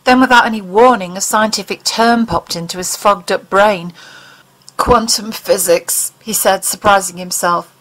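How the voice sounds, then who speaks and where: A woman narrates an audiobook. Her reading is expressive and dramatic, at a mid pitch, and she paces the tense scene with care. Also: moderate pace, hardly any pauses, rough recording.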